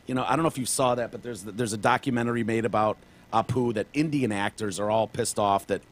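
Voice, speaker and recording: A man's voice: on the low side, fast talker. A man hosting a podcast, asking questions in an easygoing, loose way with lots of fillers. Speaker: podcast host. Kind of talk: casual interview chat.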